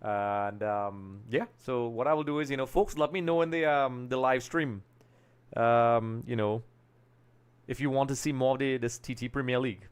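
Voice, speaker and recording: A man's voice: medium pitch, moderate pace, clear, resonant tone. A young man from Trinidad and Tobago hosting a live football talk stream, talking casually and rambling a little as he pulls things up on screen. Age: young adult. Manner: casual, rambling, thinks aloud while working.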